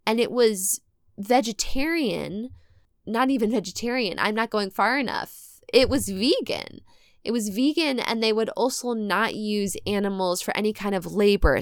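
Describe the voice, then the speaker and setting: A woman's voice: fairly high pitch, fairly bright tone, clear, resonant tone, no room sound. A woman with a Midwestern American accent hosting a podcast, chatty and laughing often, with asides and self-corrections. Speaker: podcast host. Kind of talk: casual podcast narration.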